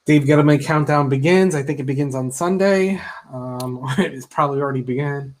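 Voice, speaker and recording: A man's voice: fairly high pitch, brisk. Easygoing male podcast co-host. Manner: laughing, easygoing. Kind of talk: casual sports talk.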